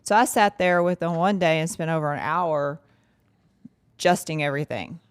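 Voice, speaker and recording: Low-voiced woman, a chatty office administrator. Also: moderate pace, clean tone. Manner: chatty, retells conversations. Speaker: law firm administrator. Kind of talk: casual podcast conversation.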